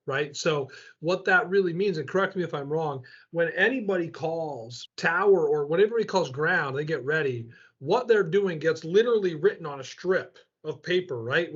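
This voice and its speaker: A man's voice: a little high, fairly bright tone, husky, highs cut off. A man hosting an interview on flight training, explaining things in a casual, rambling way and asking questions. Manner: rambling, thinks aloud with restarts. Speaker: flight school host.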